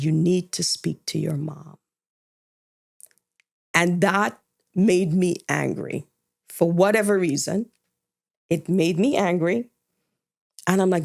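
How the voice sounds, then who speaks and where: A woman's voice: on the low side, vocal fry, darkish tone. A woman co-hosting a podcast, candidly retelling a personal story and acting out the dialogue. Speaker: podcast co-host.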